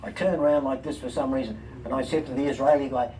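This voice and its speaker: An older man, a comedian and talk-show guest, telling lively anecdotes and voicing the people in them. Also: mid-range voice, fast. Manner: lively, quotes people in animated voices. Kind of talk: anecdotal storytelling. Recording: distant mic, faint room noise.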